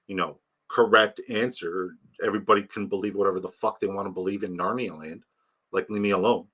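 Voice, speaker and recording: Young man, casual stream chat, rambling jokey delivery, bright edgy tone, a bit low-pitched. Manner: rambling, joking, swears freely. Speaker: fantasy football streamer.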